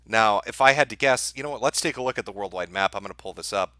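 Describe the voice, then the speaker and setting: A middle-aged man hosting a live stream, his voice bright and forceful. He talks to his chat in a crude, mocking, deadpan way. The sound is dry and close on a desk mic. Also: on the low side, fast talker, clean tone, dry recording. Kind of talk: sardonic live-stream commentary.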